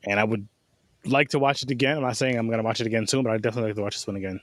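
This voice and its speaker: A man co-hosting a casual movie review chat, excitable and swearing freely. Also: lowish voice, very fast, dry recording. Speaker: podcast co-host.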